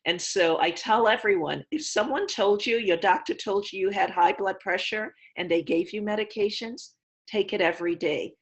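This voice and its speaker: A woman physician on a video call, explaining health advice in a clear, patient, teacherly way. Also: medium pitch, normal speed. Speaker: physician guest.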